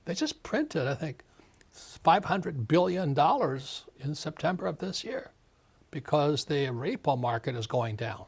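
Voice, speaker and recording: With a husky, very animated voice on the high side and a slightly slow pace, this guest author in his seventies rants emphatically in his interview, acting out the voices of people he quotes.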